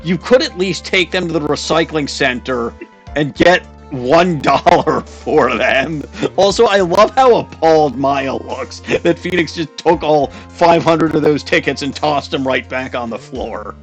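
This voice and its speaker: A man's voice: on the high side, animated, a little slow, faint music behind. A man hosting a let's play, reading dialogue aloud and adding sardonic, swearing commentary.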